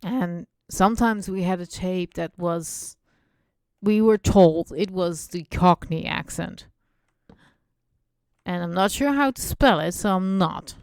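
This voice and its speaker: A woman's voice: on the low side, takes it slowly, darkish tone, dry recording, clean studio sound. A woman whose first language is not English, live-streaming a Minecraft build and chatting in a rambling way while she plays and mutters to herself.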